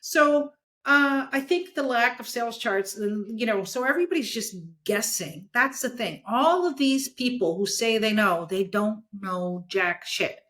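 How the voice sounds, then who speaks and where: A woman in her sixties, a guest in an interview, talking in an animated, emphatic way and checking her points with "okay?". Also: a little high, a little slow. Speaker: guest, comics editor. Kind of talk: casual interview chat.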